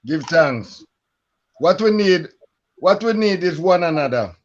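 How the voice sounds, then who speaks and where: A man's voice: sits high, expressive, unhurried, lo-fi sound. A man speaking as a panel guest in an emphatic, rallying way.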